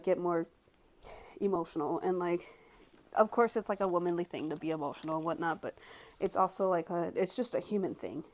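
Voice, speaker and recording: A woman in her twenties talking casually and frankly to her camera at home, rambling with many fillers. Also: fairly low pitch. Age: 20s. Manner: rambling, heavy use of filler words, frank and expressive. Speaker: vlogger.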